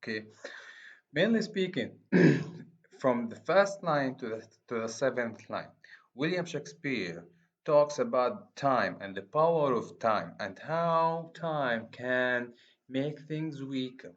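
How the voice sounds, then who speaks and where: A man gives a university lecture at a middle pitch. He speaks haltingly, restarting phrases and asking "okay?" to check in. The recording is muffled and dull. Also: lively intonation.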